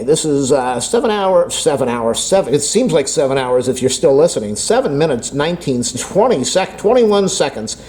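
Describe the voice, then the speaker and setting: Here a tech vlogger rambles casually to camera about a phone update, self-deprecating and talking as if to himself. The voice is medium-pitched and mellow, caught roughly on a camera mic from across an indoor room.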